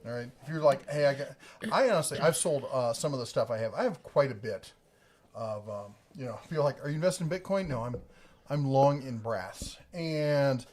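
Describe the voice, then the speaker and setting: Casting note: male host, casual livestream chat, rambling and jokey, mid pitch. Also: moderate pace, a little mellow. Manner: rambling, joking, self-correcting.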